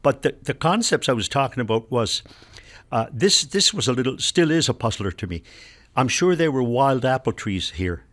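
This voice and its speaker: A man's voice: medium pitch, animated, normal speed, fairly bright tone. An older man from Nova Scotia, Canada, an elder and linguist, patiently explaining words one by one with examples in a radio conversation.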